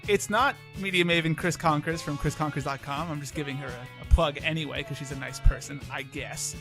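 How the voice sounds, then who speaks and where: A man's voice: fairly high pitch, fairly quick, music in the background. A man in his twenties hosting a casual podcast, joking and self-deprecating. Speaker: podcast host.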